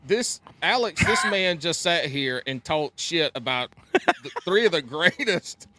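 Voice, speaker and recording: A man's voice: fairly high pitch, lively intonation, measured pace, bright, forceful tone. A man co-hosting a casual fishing podcast, talking emphatically and ribbing the others.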